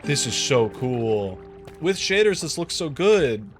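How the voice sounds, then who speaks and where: A streamer chatting loosely while playing, rambling and self-deprecating. The pitch swings widely from line to line. Game music runs steadily underneath. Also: big pitch swings, slow. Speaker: live streamer. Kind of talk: casual gameplay commentary.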